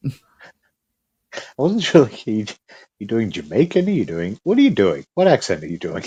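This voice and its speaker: A man co-hosting a podcast, chatting casually and teasing his co-hosts. His voice is low and husky, with a dark, mellow tone. His pitch moves in a lively way. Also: normal speed, no room sound, highs cut off. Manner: teasing, joking. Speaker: podcast co-host. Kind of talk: casual chat.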